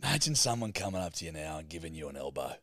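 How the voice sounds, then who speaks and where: A man's voice: a bass voice, racing, no echo, clean studio sound. A man co-hosting a podcast, teasing and swearing in casual comedy banter. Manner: crude, teasing, animated. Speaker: podcast co-host.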